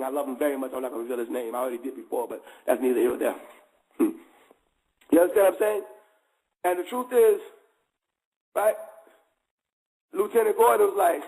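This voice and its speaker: A man's voice: on the high side, fast talker, pauses often, a little mellow, rough recording. A man hosting a show, preaching in a casual, conversational way and constantly checking in with his listeners. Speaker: host.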